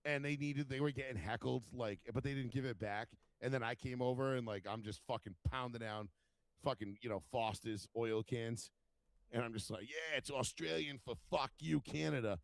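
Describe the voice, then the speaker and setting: A man's voice: mid-range voice, moderate pace. A man talks in a mid-range voice, swearing freely and acting out quoted voices as he tells stories. The sound is dry and close, with no room echo. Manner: profane, animated storyteller acting out quotes. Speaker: podcast co-host. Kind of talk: casual chat, storytelling.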